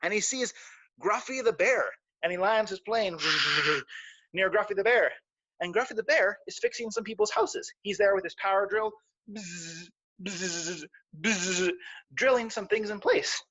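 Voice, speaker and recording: A man with a high voice tells a children's story on a live stream, animated and tossing in sound effects. The audio is dry and close, with a dull, lo-fi edge. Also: normal speed, no room sound. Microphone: live stream mic.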